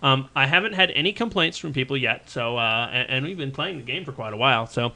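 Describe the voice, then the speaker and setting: A man's voice: medium pitch, animated, fast, creaky, sharp tone. A man co-hosting a casual podcast chat about tabletop games, rambling with lots of fillers and restarts. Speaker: podcast co-host.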